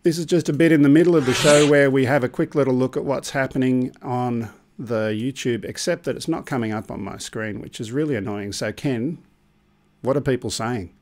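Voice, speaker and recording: A man's voice: medium pitch, a little fast, darkish tone. A man hosting a live drone stream, chatting loosely and joking while he runs the controls. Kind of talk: casual live-stream chat.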